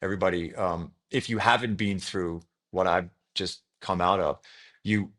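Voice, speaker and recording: Here a young Australian podcast guest recounts his story in an interview, loosely and with lots of "ums" and "likes." His low voice carries a slight brightness, and his pace is normal.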